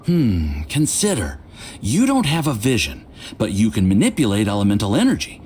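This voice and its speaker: An eager young lab assistant. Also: male voice, lowish voice, a little hiss or hum. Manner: excitable, rushes then checks himself. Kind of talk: video game voice acting. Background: game music.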